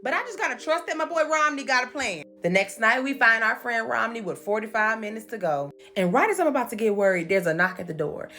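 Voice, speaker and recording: A woman tells a comedic recap in a sassy, animated voice that is high and swings widely in pitch. Her tone is bright and sharp, and she drops swearing asides. Faint music runs underneath. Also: quick pace, hardly any pauses.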